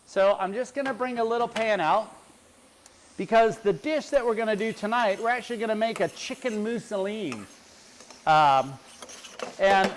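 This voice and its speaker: A man's voice: high voice, slight background noise. A middle-aged man, a chef, giving a chatty cooking demonstration and explaining each step as he works. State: teary from onions.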